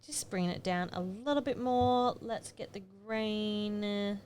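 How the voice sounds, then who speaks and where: A woman's voice: medium pitch, slow, darkish tone, clean tone. Chatty woman talking through photo edits. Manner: chatty, muttering to herself while working. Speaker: photographer giving an editing tutorial. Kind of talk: casual thinking-aloud tutorial narration.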